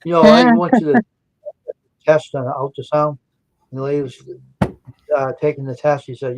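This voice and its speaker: A man's voice: fairly high pitch, brisk, darkish tone, dry recording. A man joking bluntly in casual chat. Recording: dull lo-fi sound.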